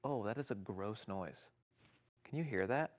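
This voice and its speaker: A man's voice: fairly low pitch, expressive, a little slow. A man streaming live, chatting casually and rambling, sometimes cooing at his pet in a raised voice. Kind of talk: casual livestream chat.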